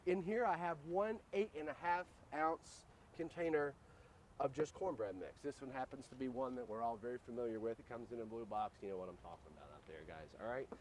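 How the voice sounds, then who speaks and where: A man's voice: medium pitch, a little fast, a little hiss or hum. A man hosting a casual cooking demo outdoors at a grill, joking around and talking to viewers as "guys.". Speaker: grill cooking show host.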